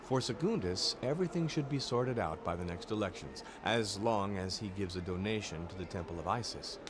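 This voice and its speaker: A man voicing a scheming Roman townsman in an old video game, smooth and advising. His voice is lowish and lively in pitch, with noise clearly behind it. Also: a little fast, close to an everyday voice. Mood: pleased.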